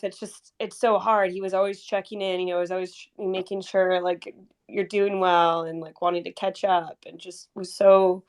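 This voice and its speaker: A woman's voice: fairly low pitch, a little mellow. A woman talking in a casual group conversation, rambling with lots of fillers and emotion as she remembers a friend. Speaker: community member sharing memories.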